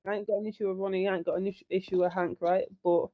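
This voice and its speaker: A man's voice: sits high, little pitch movement, very fast, no echo. A young man telling a heated, sweary story in casual chat. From northern England. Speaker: online roleplay gamer. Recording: muffled faulty mic.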